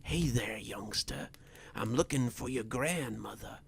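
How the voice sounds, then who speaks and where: A man voicing a tall, inhuman male creature who makes deals, speaking in a hushed, creeping whisper. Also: medium pitch, a little slow, gravelly, a little hiss or hum. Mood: sinister whisper.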